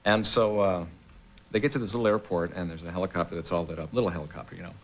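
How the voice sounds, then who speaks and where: Low-voiced man telling a rambling story. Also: fairly even intonation, a little hiss or hum. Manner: rambling storyteller, halting with many uhs. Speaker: guest comedian. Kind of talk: talk show anecdote. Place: television studio with audience.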